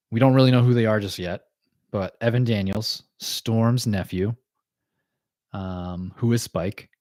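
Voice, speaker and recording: A podcast host with a fairly low, darkish voice hosts a casual livestream chat, recapping cartoon episodes loosely. He laughs often and uses many fillers and quick asides, recorded dry with clean studio sound.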